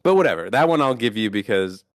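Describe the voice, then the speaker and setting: A man's voice: fairly low pitch, animated, fast talker, dry recording. Rambling, profane male podcast host. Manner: rambling, profane, many restarts. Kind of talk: casual chat.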